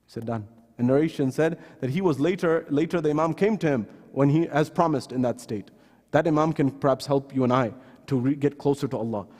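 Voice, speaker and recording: A man's voice: brisk, darkish tone. A man giving a sermon at a mosque, retelling stories earnestly and acting out the voices of the people in them. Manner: earnest, acts out quoted voices with pitch rises. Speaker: speaker at a mosque gathering. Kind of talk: sermon with storytelling. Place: mosque hall. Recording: long hall reverb.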